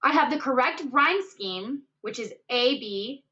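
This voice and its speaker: A woman explaining a poetry lesson in an upbeat way, counting out syllables slowly and stressing each word. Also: high-pitched, animated, pushed and bright. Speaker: teacher. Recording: dull lo-fi recording.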